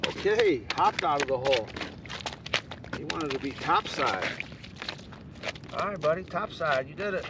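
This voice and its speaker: A man, excitedly talking to viewers while ice fishing on a frozen lake. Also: fairly high pitch, measured pace, long pauses. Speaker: fishing vlogger. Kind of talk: casual outdoor commentary. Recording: outdoor wind noise, distant mic.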